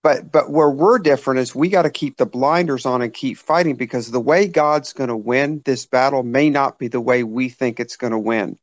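A man's voice: mid-range voice, normal speed, hardly any pauses, dry recording, highs cut off. A man earnestly sharing a reflection in a casual discussion.

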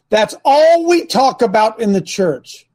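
A man hosting a talk show as a coach, preaching with passion and at times shouting. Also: very high voice, animated, takes it slowly. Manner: impassioned, swings to shouting. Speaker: host and coach.

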